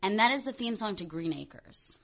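A woman's voice: medium pitch, normal speed. A woman from Florida, a radio show guest, telling stories in casual chat and acting out the people she quotes. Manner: animated storyteller, acts out quotes.

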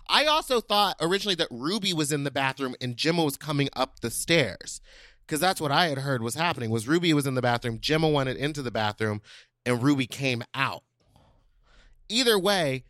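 A man co-hosting a podcast, recounting gossip with dramatic, drawn-out storytelling. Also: medium pitch, lively intonation, fairly bright tone, no echo, studio quality. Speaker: podcast co-host. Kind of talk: casual gossip chat.

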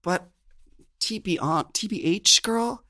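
Campy male storyteller, bright tone. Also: on the high side, lively intonation, unhurried. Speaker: podcast co-host. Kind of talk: casual chat.

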